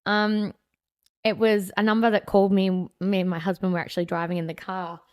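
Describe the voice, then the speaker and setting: A woman's voice: mid-range voice, level tone, a little fast. A middle-aged woman, a guest telling her personal story frankly, with a lot of ums. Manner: candid, frank, with filler ums.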